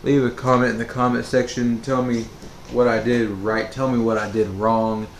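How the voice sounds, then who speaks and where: A man's voice: mid-range voice, flat delivery, moderate pace. A man telling a storytime monologue as a vlogger, rambling with many fillers and restarts. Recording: roomy echo with faint background noise.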